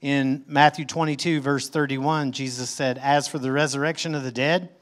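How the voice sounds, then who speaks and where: A man preaching a sermon as pastor, reading scripture aloud and explaining it conversationally with emphatic swings in pitch and loudness. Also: steady tone, moderate pace.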